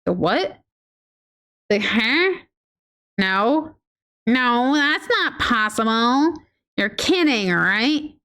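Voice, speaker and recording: A woman with a high voice chats casually while she streams a game. She rambles through playful stories with plenty of fillers. She talks slowly, and her pitch swings widely. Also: big pitch swings, sharp tone, clear, resonant tone. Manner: giggly and affectionate. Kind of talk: casual gameplay chat.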